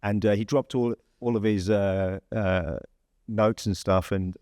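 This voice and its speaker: A man's voice: on the low side, fairly even intonation, measured pace, a little mellow, no echo. A man with an English accent, telling a long story in a chatty, rambling way full of fillers and restarts. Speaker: podcast host. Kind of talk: casual anecdote telling.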